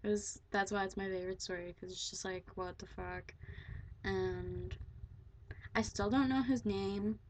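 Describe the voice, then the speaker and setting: A woman's voice: medium pitch, steady tone, unhurried, a little hiss or hum. A teenage girl casually telling a story to the camera, rambling with lots of "like" and swearing freely. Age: teens. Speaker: vlogger.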